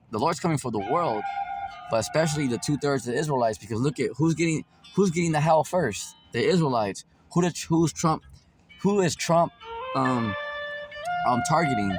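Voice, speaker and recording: A man preaching as a street preacher in a ranting, mocking tone full of slang and swearing. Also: mid-range voice. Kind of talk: ranting religious commentary. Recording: loud background music.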